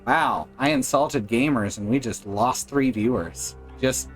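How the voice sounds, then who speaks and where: A man's voice: medium pitch, unhurried, soft background music, rough recording. A man chatting casually and joking while he plays a game on a live stream. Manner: wry, joking, narrating his gameplay.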